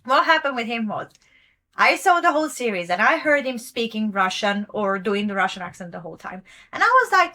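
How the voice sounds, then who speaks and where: Bright-voiced woman ranting in commentary. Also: fairly high pitch, animated, fairly quick. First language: not English. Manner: ranting, rambling, emphatic; self-correcting, frequent fillers. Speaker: podcast host. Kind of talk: casual commentary.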